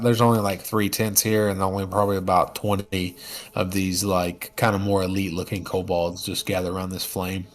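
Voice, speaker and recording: A man narrating as game master, casual and full of fillers, slipping into quick character lines. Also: on the low side.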